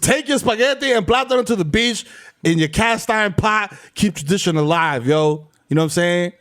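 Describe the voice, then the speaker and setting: A Bronx man, co-hosting a comedy podcast in loose, slangy, profane talk. His voice sits high and bounces all over, and he argues back with easy defiance. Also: animated, normal speed, a bit bright. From the Bronx, New York. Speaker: podcast co-host. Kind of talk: casual comedic banter.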